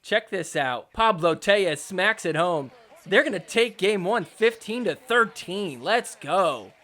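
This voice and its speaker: Young male sports podcast host; high, bright tone; excitable, joking recap with mock outrage. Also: unhurried. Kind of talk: casual sports recap commentary.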